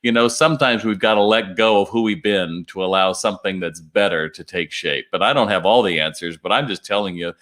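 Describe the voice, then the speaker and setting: A man's voice: sits low, a little fast, hardly any pauses, fairly bright tone. A man working as a retail consultant, speaking in a casual promotional video and telling stories with fillers and restarts. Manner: chatty storytelling with fillers and restarts.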